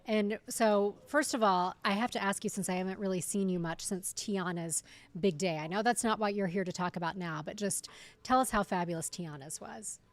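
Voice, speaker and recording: A woman's voice: medium pitch, normal speed. A woman news anchor hosting a live studio chat segment, upbeat and friendly. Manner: friendly, upbeat, laughs often.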